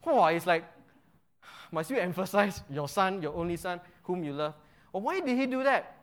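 A man with a notably high-pitched voice leads an interactive Bible lesson. He keeps asking his listeners questions and checking in with them. He repeats key phrases to drive his points home. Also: animated, moderate pace. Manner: quizzes the audience with frequent "right?" checks. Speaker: Bible teacher.

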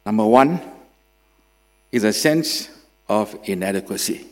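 A man from Singapore, preaching a sermon and swinging between loud emphasis and quiet drops. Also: lowish voice, expressive, unhurried. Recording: long hall reverb with mains hum.

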